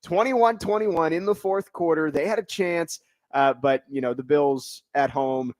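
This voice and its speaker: A man hosting sports talk radio from a studio, upbeat and smooth with sponsor plugs. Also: fairly high pitch, measured pace, a little mellow, dry recording. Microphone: studio microphone.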